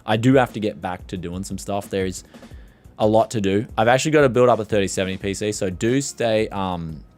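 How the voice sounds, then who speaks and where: A low-pitched man hosts a tech livestream in loose, rambling chat. His voice sounds strained and worn from yelling. Faint music plays behind him. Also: a little fast. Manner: rambling, animated, reads chat questions aloud.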